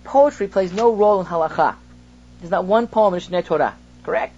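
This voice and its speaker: A male rabbi lectures on a text, his high, slightly mellow voice moving a little fast. Explaining by example, he raises rhetorical questions and reads Hebrew before translating, heard through a muffled lo-fi recording.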